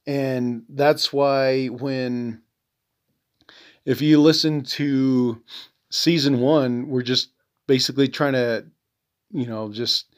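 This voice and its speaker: A man from the Navajo Nation hosting a podcast, talking bluntly and profanely, full of "you know". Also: mid-range voice. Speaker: podcast host, veteran. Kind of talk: casual monologue.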